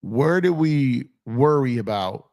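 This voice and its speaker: A man of medium pitch with a darkish, expressive voice takes his time hosting an animated basketball talk show. Emphatic, he repeats his lines and addresses his chat as "y'all." The setting is a home studio under purple lights, picked up by an on-camera streaming setup.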